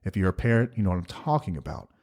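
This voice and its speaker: A man's voice: low-pitched, very animated, racing, darkish tone. A man, co-hosting a casual podcast and talking emphatically, with a sarcastic streak. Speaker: podcast co-host.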